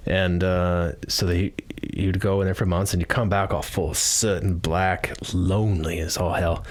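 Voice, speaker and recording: A man's voice: sits low, level tone, moderate pace. A man spins a long, rambling joke for friends. He restarts lines and breaks into laughter as he goes. The talk is loose and casual, like a podcast chat. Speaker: podcast host.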